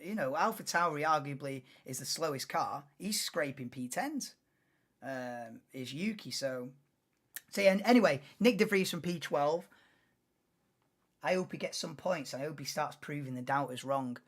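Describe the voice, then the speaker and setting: A man's voice: a little high, lively intonation, moderate pace, fairly bright tone. A man hosting a live race watchalong, talking casually and rambling with many fillers and restarts. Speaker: livestream host.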